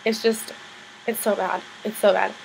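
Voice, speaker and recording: A woman's voice: mid-range voice, level tone, moderate pace, vocal fry, slight background noise, rough recording. A woman casually recapping a TV episode, rambling with lots of fillers and blunt opinionated asides. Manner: rambling, filler-heavy, chatty.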